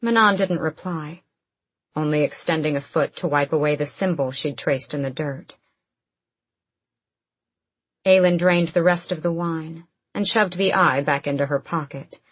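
A woman reading a fantasy novel aloud in an even, measured narration. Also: deep voice, breathy edge, no echo. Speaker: audiobook narrator.

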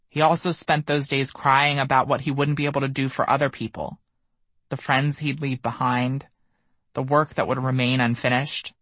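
A man reading his own memoir aloud as an audiobook, measured and somber. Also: medium pitch, fairly bright tone, no room sound. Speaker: memoir narrator. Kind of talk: audiobook narration.

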